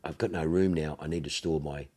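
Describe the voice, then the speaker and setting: A man's voice: very deep voice, fairly even intonation, fairly quick, dark tone. An Australian man with a Melbourne accent, hosting a casual podcast chat and telling slangy, swearing stories, acting out what people said. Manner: broad slangy storyteller, swears freely, acts out quotes. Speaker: podcast host, car dealer.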